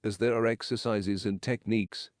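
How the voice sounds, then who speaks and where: A man narrating an English lesson in slow, measured, explanatory sentences. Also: on the low side, steady tone, dry recording, clean studio sound.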